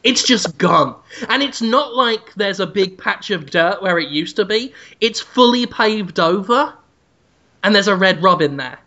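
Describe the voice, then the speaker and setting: A male podcast host with a bright, sharp voice who rambles through a deadpan, absurd story. His telling is loose and improvised. The audio is dull and lo-fi. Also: high-pitched, measured pace.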